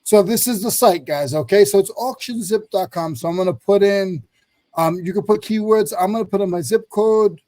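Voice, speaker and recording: A man from North Carolina, a reseller, walking viewers through a website in a rambling, hurried screen-share chat. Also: high voice, warm tone, no echo. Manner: rambling, fast, self-correcting. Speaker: reseller sharing his screen on a live stream. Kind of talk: casual screen-share walkthrough.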